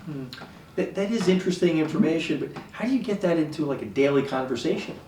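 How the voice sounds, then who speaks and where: A man's voice: a little high, lively intonation, fast talker, darkish tone, a little hiss or hum, close to an everyday voice. A man playing a coaxing group therapist who praises small progress, in a stage comedy. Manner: soothing then overly enthusiastic. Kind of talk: community theater comedy. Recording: echoey stage from far off.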